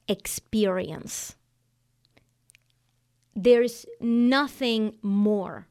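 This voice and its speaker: A woman's voice: mid-range voice, a little mellow. A woman hosting a business coaching podcast, giving advice in an emphatic, conversational way and acting out quotes from clients. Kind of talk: energetic solo podcast advice.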